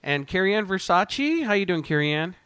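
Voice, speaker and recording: A man's voice: sits high, very animated, brisk, a bit bright, clear, resonant tone, no echo. A man hosting a paranormal radio talk show, friendly and upbeat in casual banter.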